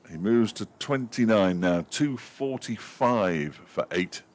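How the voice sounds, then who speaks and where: A man's voice: on the low side, expressive, slow. A man giving live ball-by-ball cricket commentary from a commentary box, lifting his voice to call the runs.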